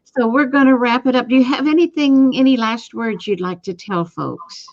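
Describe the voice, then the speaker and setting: A woman's voice: a little high, moderate pace, darkish tone. A woman hosting a casual online talk show, asking her guest questions in a friendly way and reading out viewer comments. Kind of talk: casual chat show interview. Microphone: webcam on a video call. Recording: dull lo-fi call audio.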